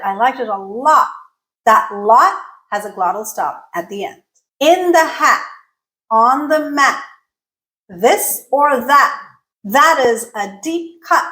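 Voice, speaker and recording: A woman teaching English pronunciation, speaking clearly and deliberately and slowing down to model example words. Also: fairly high pitch, a bit bright. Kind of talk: pronunciation lesson. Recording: roomy echo.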